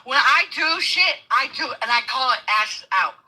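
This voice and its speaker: A woman ranting loudly in a heated argument, cursing constantly and laughing between insults. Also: high-pitched, animated, normal speed, a crowd in the background, rough recording. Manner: laughs mid-tirade. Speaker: guest debating the host. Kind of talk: heated profane argument on a live stream.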